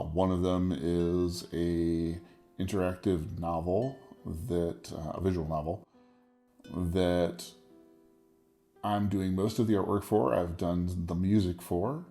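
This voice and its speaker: A man in his forties hosting a casual solo podcast, rambling in a wry, stream-of-consciousness way with a deep radio voice. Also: a little mellow. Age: 40s. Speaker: podcast host.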